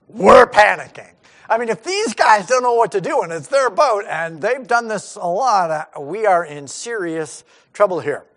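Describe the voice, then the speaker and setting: Male pastor, high and swooping voice, animated storytelling sermon. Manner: animated, acts out the disciples' panic in asides.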